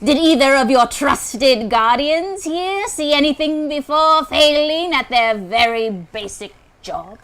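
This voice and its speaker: A woman voicing a scheming male robot villain with a slow, loud, sneering delivery. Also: high-pitched, lively intonation, heavily acted.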